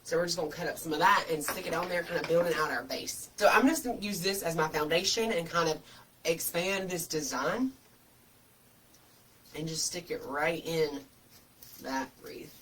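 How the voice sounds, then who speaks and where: A man's voice: on the high side, normal speed, sharp tone, far from the mic, slight background noise, rough recording. Chatty man teaching wreath making. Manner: chatty and folksy, full of homespun comparisons. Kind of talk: casual craft tutorial.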